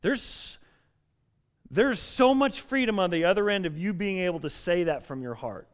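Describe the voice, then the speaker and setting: A man preaching a sermon in an earnest, emphatic way, building up in intensity and then dropping low. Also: expressive, normal speed. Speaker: pastor.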